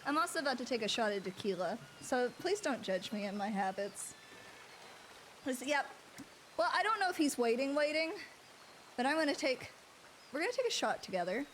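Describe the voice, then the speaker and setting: A woman's voice: high-pitched, expressive, brisk, pauses often, a bit bright, slight background noise. A woman streamer chatting casually and playfully with her viewers and thanking them.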